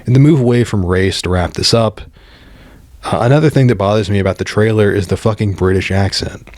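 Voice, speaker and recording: A man's voice: fairly low pitch, brisk, darkish tone, dry recording, clean studio sound. An American man delivering a scripted commentary monologue in a blunt, opinionated way, swearing freely. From United States.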